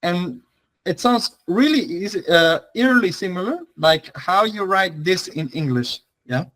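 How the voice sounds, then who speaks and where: A man's voice: high voice, lively intonation, unhurried, a bit bright, poor audio. A young man teaching an online language class, talking in a loose, chatty way with many fillers and restarts.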